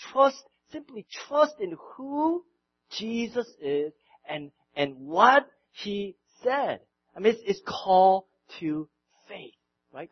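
A man preaching a sermon, swinging from loud outbursts to quiet, intimate passages and often repeating his words. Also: sits high, breathy edge, dull audio. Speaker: pastor.

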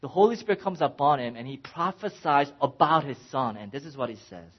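A man in his forties preaching a sermon as a pastor, telling stories with lively swings in his voice. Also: a little fast, husky. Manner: animated storytelling, pitch rising and falling widely. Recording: dull lo-fi sound.

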